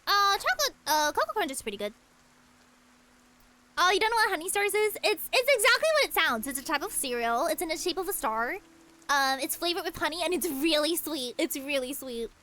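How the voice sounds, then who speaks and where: Bright, lively young woman streamer. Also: high-pitched, brisk. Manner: chatty storytelling, rambling with restarts. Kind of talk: casual chat while gaming.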